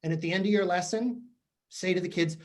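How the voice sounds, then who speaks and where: A man's voice: sits high, a little fast. A man giving a humorous, chatty professional development talk to teachers, joking and poking fun at himself. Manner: jokey, chatty, self-mocking. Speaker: keynote speaker to teachers. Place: virtual session from home or office.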